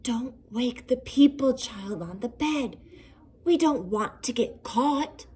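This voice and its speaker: A woman voicing an excitable young male monster in a storybook read-aloud, with eager, breathless exclamations. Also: a little high, takes it slowly, a little hiss or hum. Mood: hushed.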